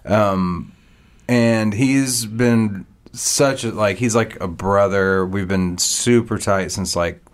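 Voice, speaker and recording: A man's voice: on the low side, slow pace. A man co-hosting a podcast, chatting casually in a laid-back, jokey way and telling a rambling story. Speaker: podcast co-host. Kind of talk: casual chat.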